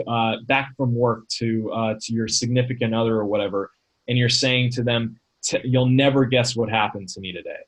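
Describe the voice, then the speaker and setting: A man presenting a webinar in a relaxed, conversational coaching way, often using fillers like "um" and "you know.". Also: mid-range voice, low-quality recording. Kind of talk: casual webinar talk.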